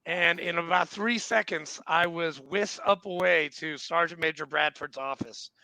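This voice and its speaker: Bright, gravelly man on a dry mic. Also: on the high side, a little slow, dry recording, low-quality recording. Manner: laid-back, profane storyteller. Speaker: podcast guest; Marine veteran. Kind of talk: casual war-story chat.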